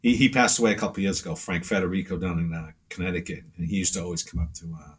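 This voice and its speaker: Give me a deep, husky man chatting in an interview. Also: fairly even intonation, very fast. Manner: rambling storyteller, many fillers, acts out quotes. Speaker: pastel artist guest. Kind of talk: casual interview chat.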